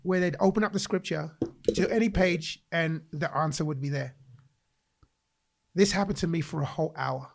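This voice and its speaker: A man from England, speaking as a guest on a podcast. His voice sits a little high and has a gravelly edge. He tells his story with animation and slips into the voices of the people he quotes. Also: moderate pace, long pauses. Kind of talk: personal storytelling in a podcast interview.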